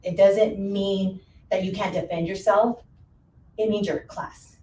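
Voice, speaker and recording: A woman real estate agent on a panel, telling a story with lively acted-out quotes and easy laughs. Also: mid-range voice, a little slow. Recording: roomy, from far off, faint room noise.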